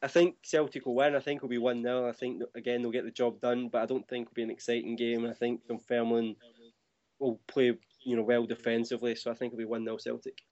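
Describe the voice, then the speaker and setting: A man co-hosting a casual podcast chat, measured and hesitant. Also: medium pitch, level tone, darkish tone, highs cut off. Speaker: co-host.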